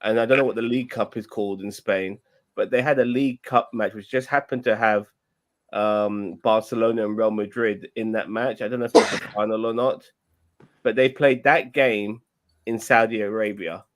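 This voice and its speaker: A man's voice: on the low side, fairly even intonation, normal speed. A man co-hosting a podcast, rambling with lots of "like" and restarts in casual banter. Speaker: podcast co-host.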